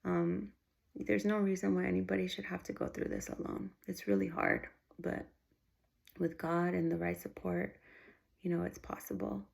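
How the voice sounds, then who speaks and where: A woman's voice: lowish voice, moderate pace, creaky, darkish tone. A woman vlogging about her faith and her family, speaking earnestly, rambling and restarting her sentences, and sometimes dropping to a near-whisper. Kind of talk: heartfelt faith-based personal vlog.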